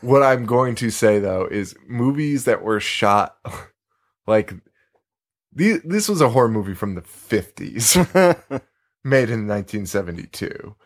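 A man's voice: lowish voice, lively intonation, slow. A young man co-hosting a casual horror film podcast, laughing often and trailing off mid-sentence. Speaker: podcast co-host. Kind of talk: casual chat about horror films.

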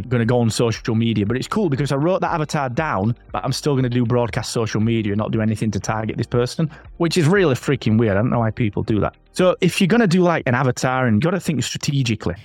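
A man's voice: mid-range voice, darkish tone, no echo. A man giving podcasting advice in a rambling, emphatic, casual way. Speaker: podcasting expert guest.

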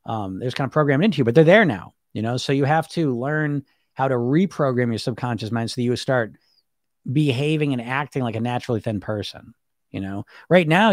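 Fast-talking blunt coaching man. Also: medium pitch, no room sound, studio quality. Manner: rapid, emphatic, keeps tagging "right?" and "you know?"; blunt, swears casually, laughs between points. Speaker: weight loss coach. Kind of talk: live-stream monologue to viewers.

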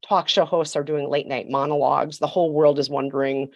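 Woman podcast guest, low-pitched, sassy storyteller, dry close sound. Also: steady tone, fairly quick, dry recording, highs cut off. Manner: sassy, emphatic, mocking asides. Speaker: podcast guest, royal commentator. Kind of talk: storytelling chat.

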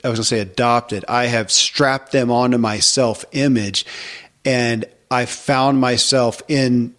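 A man's voice: mid-range voice, steady tone, measured pace, a bit bright. A man hosting a podcast, talking reflectively and searching for words as he goes. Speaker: podcast host. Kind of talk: casual interview.

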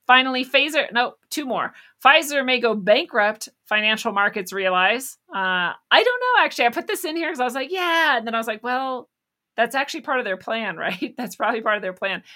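Bright-voiced sarcastic woman host. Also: mid-range voice. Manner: sarcastic and profane, laughing often. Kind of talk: casual news commentary monologue.

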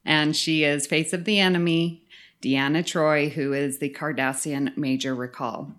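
A woman's voice: deep voice, fairly even intonation, a little slow, a bit bright. A woman co-hosting a podcast in casual chat, talking with enthusiasm and frequent laughter. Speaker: podcast co-host.

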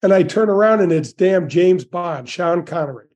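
A man's voice: high-pitched, expressive, moderate pace, a little mellow. A man in his sixties, a former pro golfer, telling stories as an interview guest in a folksy, enthusiastic way with lots of restarts. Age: 60s. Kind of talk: storytelling interview.

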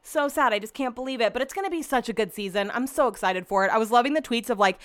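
A woman's voice: a little high, fast, hardly any pauses. A young woman hosting a podcast, chatting casually and gushing with lots of "like" and "um". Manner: bubbly, gushing, uses lots of "like" and "um". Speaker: podcast host. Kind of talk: casual solo chat.

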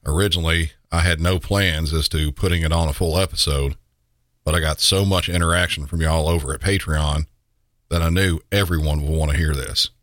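A man's voice: a bass voice, a bit bright, dry recording. A man narrating police incidents with dry, wry asides. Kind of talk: scripted narration.

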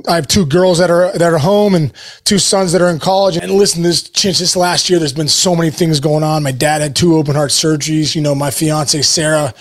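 An excited man in his forties speaks in a casual interview with a slightly raised pitch. His talk rambles with restarts and fillers, but his enthusiasm carries it. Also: fairly quick. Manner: rambling, many restarts and "you know" fillers; enthusiastic, emotional. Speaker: interview guest, baseball hitting coach.

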